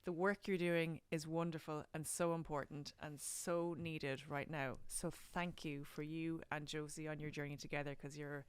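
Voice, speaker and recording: An Irish woman hosts a relaxed interview. Her voice sits low and sounds smooth and resonant. She is openly effusive with thanks and praise for her guest. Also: normal speed, few pauses, no echo. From Ireland. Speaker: podcast host, actor. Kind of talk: casual interview chat.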